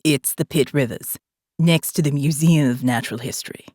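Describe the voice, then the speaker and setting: A woman narrator voicing a calm male operative leader with a faint South African accent, speaking quietly and with authority. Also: sits low, moderate pace, dry recording, clean studio sound, pitched below the performer's own voice. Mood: calm, persuasive.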